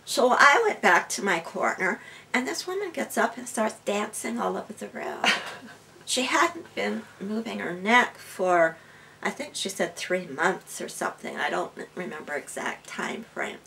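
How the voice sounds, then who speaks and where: A woman's voice: mid-range voice, lively intonation, unhurried, vocal fry, bright, forceful tone, a little hiss or hum. A woman guest, a healer and medium, telling her story in an interview and laughing often.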